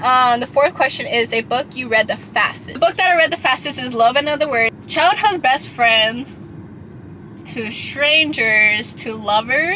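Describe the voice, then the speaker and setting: A young woman with a high, bright voice chats casually and gushes about the books she loves, full of fillers and restarts. Faint noise hums under her voice. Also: low-quality recording. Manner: gushing, lively, filler-heavy. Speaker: book vlogger. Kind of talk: casual chat.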